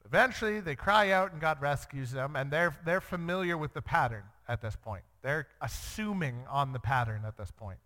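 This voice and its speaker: A man, a young father, teaching through a Bible passage in an earnest way, acting out the quoted lines with sudden jumps in pitch. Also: lively intonation, normal speed, hardly any pauses, bright, forceful tone. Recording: long reverb.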